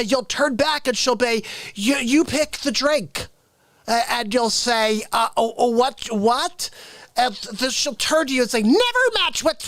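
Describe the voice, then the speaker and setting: A man voicing a rowdy, boozy male character in live improv comedy, shouting and breaking into giggles. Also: extremely high pitch, no echo, full character voice. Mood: scheming. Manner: squealing shouts and giggling fits. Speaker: livestream comedy host.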